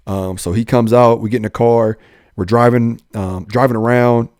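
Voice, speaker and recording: A man's voice: on the low side, brisk, no echo, clean studio sound. Man telling a raw personal story. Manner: animated, acts out dialogue with slang. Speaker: police officer and guest. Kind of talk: candid storytelling.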